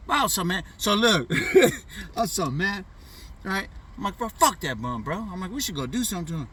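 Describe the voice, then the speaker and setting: A man's voice: sits high, very animated, normal speed, bright, forceful tone, breathy edge, far from the mic. Laid-back man telling a profane story. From US Pacific Northwest. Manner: loose, profane street slang with frequent "you know what I'm saying". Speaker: vlogger. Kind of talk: casual storytelling.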